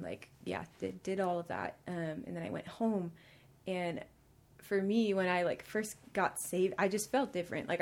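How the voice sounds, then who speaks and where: As a guest on a podcast, a woman with a fairly low, gravelly voice tells the story of her faith. Her account wanders, full of fillers and restarts, and she's emotional, laughing while close to tears.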